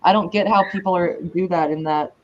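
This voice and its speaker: A fairly high-pitched man talks easily, dropping short reactions and slow, drawn-out questions. His voice comes through a dull, lo-fi feed. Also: steady tone. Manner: laid-back, short reactions, drawling. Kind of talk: casual chat. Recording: dull lo-fi sound.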